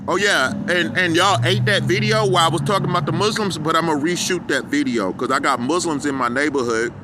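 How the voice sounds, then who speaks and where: A man with a high-pitched voice rants profanely in a rambling vlog commentary. He is outside by a street, and clear traffic noise rolls behind him. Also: a little fast. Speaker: vlogger. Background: passing cars.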